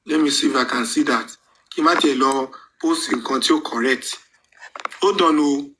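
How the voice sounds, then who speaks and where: A man's voice: medium pitch, moderate pace, bright, forceful tone, slight background noise, rough recording. A man with a Nigerian accent hosting an online panel, arguing emphatically, repeating his points and slipping into pidgin. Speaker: panel host. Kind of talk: live online panel commentary.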